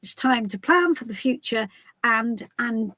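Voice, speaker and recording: A woman's voice: on the high side, lively intonation, unhurried, fairly bright tone, dry recording, poor audio. A woman from the UK hosting a casual live stream as a tarot reader, chatty and giggly with many restarts. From United Kingdom.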